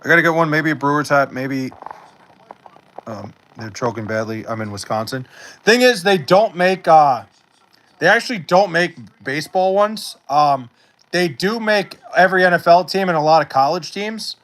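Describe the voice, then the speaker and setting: A man's voice: on the high side, expressive, moderate pace, a bit bright. Tired, profane young man streaming live. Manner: loose, profane, joking banter with chat. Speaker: livestreamer. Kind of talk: casual live-stream chat. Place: at home in Wisconsin.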